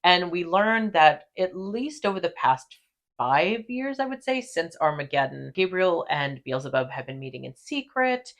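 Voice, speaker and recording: Female podcast host, low pitch, chatty and profane recap. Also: moderate pace. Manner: animated, profane, laughs often. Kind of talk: casual recap chat.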